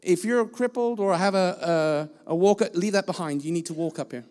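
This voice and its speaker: Male guest preacher, high voice, blunt and self-deprecating, church-hall echo. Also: brisk, a little mellow. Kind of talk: sermon.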